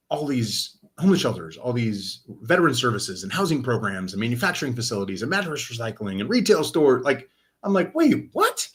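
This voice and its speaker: A man from Oregon, a guest in an interview, telling his story casually and acting out quoted dialogue. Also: lowish voice. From Lane County, Oregon. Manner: animated retelling, acts out quoted dialogue. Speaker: interview guest, nonprofit director of operations.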